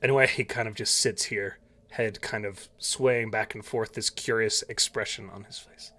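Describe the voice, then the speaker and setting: A man narrating a tabletop game as dungeon master, slow and descriptive, with many fillers. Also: on the low side, steady tone, sharp tone.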